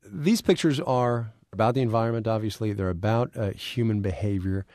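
A man's voice: fairly low pitch, fairly quick, darkish tone, dry recording, clean studio sound. A male radio host introducing and interviewing a guest in a conversational way, with a few restarts when he asks questions.

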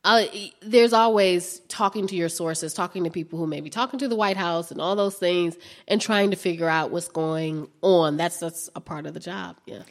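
A woman's voice: on the low side, moderate pace, few pauses. Chatty woman reporter with many restarts. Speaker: White House reporter. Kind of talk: interview answers.

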